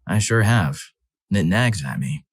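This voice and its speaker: Low-voiced man narrating stories. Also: lively intonation, unhurried, breathy edge, no room sound, clean studio sound. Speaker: story channel narrator. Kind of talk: scripted first-person narration.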